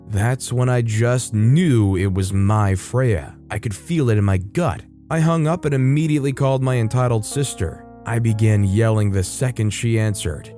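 A man reading stories aloud in an expressive, emphatic way, with wry asides. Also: fairly low pitch, moderate pace, few pauses, faint music behind. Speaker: story narrator.

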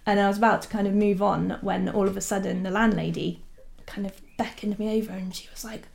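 A woman recounts events in a relaxed, chatty way, full of fillers and small laughs. Her voice has a gravelly fry and stays fairly flat in pitch, sitting in the middle of her range. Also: fairly quick. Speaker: documentary filmmaker guest. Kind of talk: casual storytelling.

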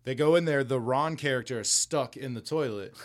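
A man's voice: mid-range voice, a little fast. A man co-hosting a podcast, casually recapping a comic book in a rambling, profane way, with laughs along the way. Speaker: podcast co-host.

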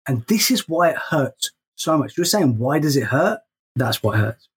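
A middle-aged man with a slightly husky voice, talking earnestly in a casual podcast chat. He often repeats a word as he lands on a point. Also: mid-range voice, big pitch swings, normal speed. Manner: earnest, repeats words when emphatic. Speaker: podcast co-host.

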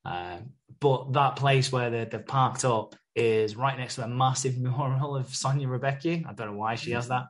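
Male podcast co-host, mid-pitched, casual and sweary, recaps a soap episode. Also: moderate pace, few pauses. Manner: swears freely, retells scenes with quoted voices.

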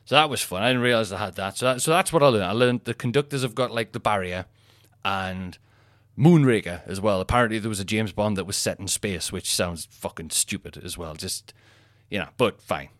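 A man's voice: on the low side, a little fast, no echo, clean studio sound. Sweary man telling comic stories. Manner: animated, sweary, laughs at his own story. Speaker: comedian podcast host. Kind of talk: comic storytelling monologue.

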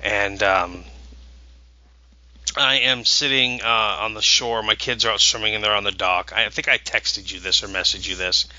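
A man's voice: fairly low pitch, normal speed, bright, forceful tone, dry recording, low-quality recording. A man in his thirties, a podcast co-host, telling a rambling, eager story with many restarts. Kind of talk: casual podcast chat.

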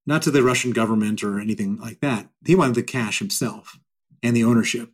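A man's voice: mid-range voice, a little fast, husky. A middle-aged man answering interview questions in a blunt, emphatic way, repeating phrases for stress. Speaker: guest.

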